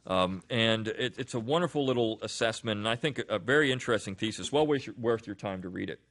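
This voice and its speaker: A man's voice: lowish voice, fast talker, a bit bright. A man hosting a weekly review show, talking casually and rambling with restarts and asides. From Delaware. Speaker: podcast host. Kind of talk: casual spoken commentary.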